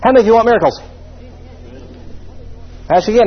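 A man preaching a humorous sermon, voicing imagined listeners and reading scripture slowly. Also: extremely high pitch, lively intonation, highs cut off, slight background noise.

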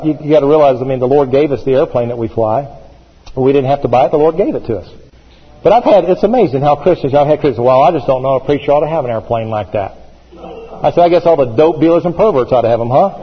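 A man's voice: a little high, husky, in a large hall, dull audio. A man, a pastor, preaching a sermon with emphasis, repeating phrases as he builds.

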